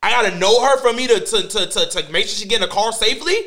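A man's voice: high voice, fast, sharp tone. A man in a casual group discussion, telling stories in an emphatic, repetitive, profane way.

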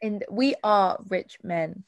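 A woman's voice: medium pitch, takes it slowly, no room sound. Playful young woman, dry close sound. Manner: playful and joking. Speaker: podcast guest. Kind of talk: casual podcast chat.

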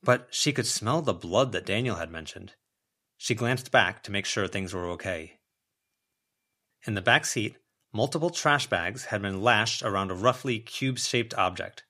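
A man narrating a fan-made audiobook of a web serial in an even, measured way. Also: lowish voice. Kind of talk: audiobook reading.

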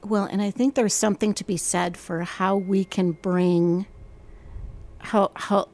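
Gravelly-voiced woman on a faith podcast. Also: medium pitch, steady tone, unhurried, a little mellow.

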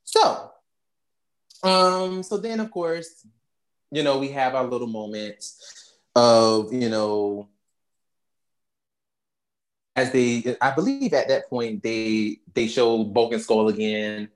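A woman casually recapping a movie, telling it in an animated way and acting out the characters' lines. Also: a bass voice, slow pace, long pauses. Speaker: podcast co-host recapping a movie. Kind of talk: casual chat.

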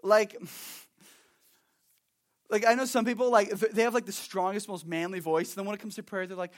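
High-voiced animated young man preaching. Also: normal speed, pauses often. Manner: animated, conversational preaching with acted-out asides. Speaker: pastor. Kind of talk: sermon.

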